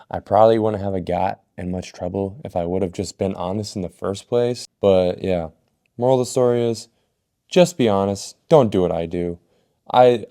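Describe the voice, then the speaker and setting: A man's voice: deep voice, mellow, clear, resonant tone. A young man casually telling a story about himself, swearing a lot and poking fun at himself. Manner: casual, profane, self-mocking.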